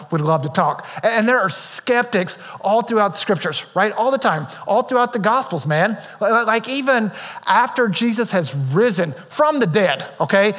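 A man's voice: sits high, fairly bright tone. A man preaching a sermon as pastor, casual and joking, who keeps checking in with his listeners. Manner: conversational and joking, keeps asking "right?". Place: church auditorium. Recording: echoey church hall reverb.

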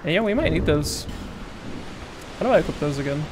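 A man's voice: a little high, lively intonation, brisk, noisy background. A young man commenting live on his gameplay, yelping and pleading in danger and joking with sarcastic bravado. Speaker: streamer.

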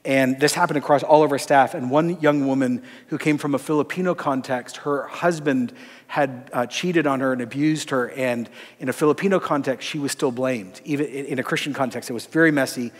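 Pastor teaching in a reverberant hall. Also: male voice, mid-range voice, fairly quick. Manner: conversational, acts out dialogue, drops to soft tones. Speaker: pastor and lecturer. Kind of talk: sermon-style teaching with stories.

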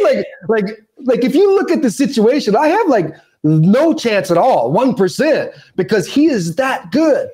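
A man in his forties tells a story on a podcast, his voice sitting high for a man. He's animated, rising and dropping a lot and acting out the shouts and asides he quotes. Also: normal speed, few pauses, slightly rough. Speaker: podcast guest, former ballplayer. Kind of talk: storytelling interview.

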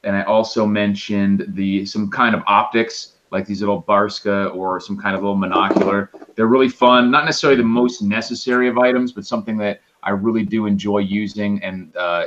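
Man, low voice, muffled lo-fi sound, casual gear talk. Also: fairly quick, few pauses. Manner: relaxed, describing gear at length. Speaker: podcast co-host. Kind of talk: casual chat.

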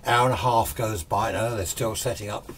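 A man's voice: lowish voice, normal speed, a bit bright, slightly rough. Older Englishman rambling nostalgically. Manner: rambling, nostalgic, chuckling asides. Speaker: hobbyist video host. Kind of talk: casual chat.

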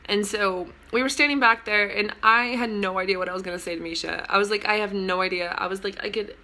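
A young woman telling a story to camera in a casual vlog, gushing and excitable, with lots of "like" and "oh my god". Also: mid-range voice, fast talker. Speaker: vlogger.

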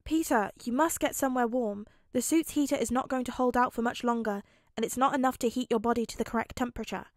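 A calm, polite AI assistant , read by a woman, speaking evenly and matter-of-factly in a fan audiobook. The voice sits a little high and sounds dry and close. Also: fast talker, few pauses, no echo, lightly acted. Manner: polite, even and matter-of-fact. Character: calm female AI suit assistant.

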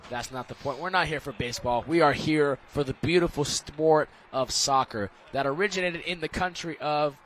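A young man doing casual, jokey color commentary for a school soccer stream, rambling and getting excited. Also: a little high, normal speed, hardly any pauses, a little hiss or hum.

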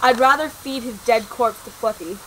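A woman's voice: fairly high pitch, moderate pace, fairly bright tone, a little hiss or hum, close to an everyday voice, low-quality recording. A woman playing a moody, jealous young male wizard making dramatic declarations. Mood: sulky. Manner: sulky, then flowery declarations.

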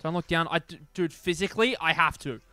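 A young man streaming a video game, commenting with profane jokes and sudden yelling bursts. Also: on the high side, fairly quick. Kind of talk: gameplay commentary. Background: faint game music.

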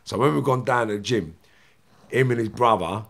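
Gravelly London man telling stories. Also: medium pitch, normal speed, fairly bright tone. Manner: swears freely, acts out other people's lines. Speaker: podcast guest. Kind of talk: casual storytelling.

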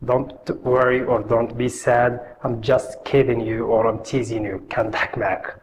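Guy teaching phrases, mid pitch, repeats stuff slow, faint room hum behind. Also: steady tone. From Morocco. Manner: patient, repeats phrases slowly for learners. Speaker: language teacher. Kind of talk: online language lesson.

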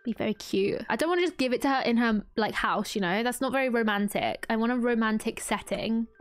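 A woman streamer giving casual let's-play commentary, excitable and gushing as she gasps and laughs her way through the game. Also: on the high side, a little fast. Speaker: gaming streamer.

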